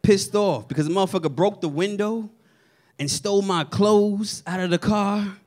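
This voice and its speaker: High-voiced New comic working the crowd. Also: male voice, normal speed, a little mellow. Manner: loose, profane storytelling with punchy asides to the crowd. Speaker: stand-up comedian. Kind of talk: stand-up comedy set. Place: comedy club stage before a live audience.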